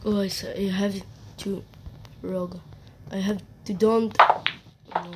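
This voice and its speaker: A woman's voice: medium pitch, steady tone, slow pace, long pauses. A young woman, a Hebrew speaker, commenting casually to viewers during a live game stream, swearing often. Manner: frustrated, swears a lot, talks to viewers. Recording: noisy home stream recording.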